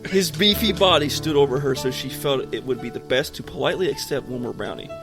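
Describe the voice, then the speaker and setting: Podcast co-host, male, casual story reader, clear music bed underneath. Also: mid-range voice, quick pace. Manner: casual, breaks off to joke. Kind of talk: reading a story aloud to friends.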